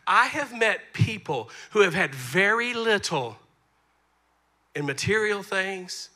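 A man, preaching a sermon as pastor, moving between soft asides and loud emphasis. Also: high voice, very animated, slow. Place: church sanctuary.

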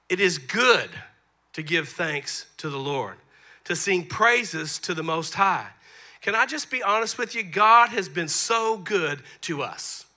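A man, preaching a sermon as pastor, moving between soft asides and loud emphasis. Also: sits high. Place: church sanctuary.

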